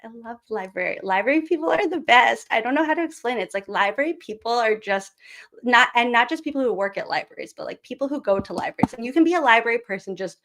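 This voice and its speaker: A woman's voice: fairly high pitch, lively intonation, fast, fairly bright tone. A woman hosting a casual live stream, a former teacher, chatty and rambling with lots of fillers and giggles. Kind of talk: casual live-stream chat and read-aloud.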